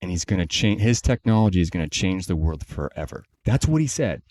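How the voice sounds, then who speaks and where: A man co-hosting a podcast, telling a long story in a casual, animated way and acting out the people he quotes. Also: low-pitched, a little fast. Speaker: podcast co-host, company CEO.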